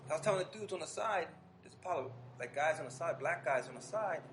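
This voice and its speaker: A man hosting a podcast, telling an animated, casual story full of restarts and asides. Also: a little high, fast talker, slight background noise. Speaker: podcast host.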